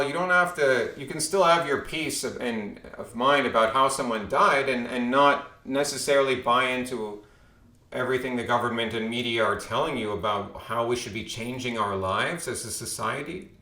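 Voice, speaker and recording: A man's voice: medium pitch, normal speed, sharp tone, echoey room. A man giving a casual, rambling monologue with frequent restarts. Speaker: commentator vlogger.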